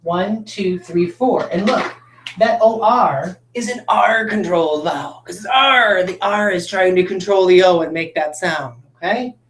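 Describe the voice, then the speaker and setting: A woman's voice: lowish voice, measured pace, reverberant, a little hiss or hum. A woman teacher giving a phonics lesson to children, addressing them directly and encouragingly as she demonstrates words. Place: classroom.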